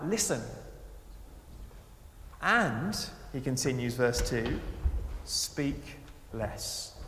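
A man preaching a sermon, swinging between raised emphasis and quiet, hushed asides. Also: medium pitch, reverberant, big-room sound, slight background noise.

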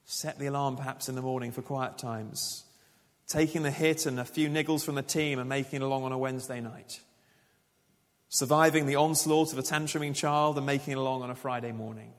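A man's voice: medium pitch, steady tone, brisk, in a large hall. A man preaching a sermon as pastor, conversational and full of rhetorical questions.

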